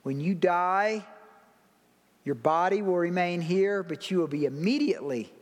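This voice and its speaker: A male pastor preaching a sermon with slow, emphatic phrasing that sometimes drops to a hushed, soft tone. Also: sits high. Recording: long reverb of a large hall.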